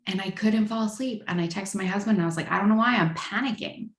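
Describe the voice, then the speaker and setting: A woman's voice: medium pitch, quick pace, reverberant. A woman in her thirties sharing her story at a recovery meeting, candid and frank with a self-deprecating edge. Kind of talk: personal share at a twelve-step meeting.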